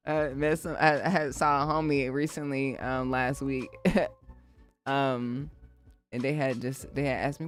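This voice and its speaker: A woman's voice: sits low, measured pace. A woman hosting a live music-production stream, chatting casually and talking straight to her viewers. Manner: animated and chatty, addressing viewers directly. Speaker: livestream host and beatmaker. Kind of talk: casual livestream chat.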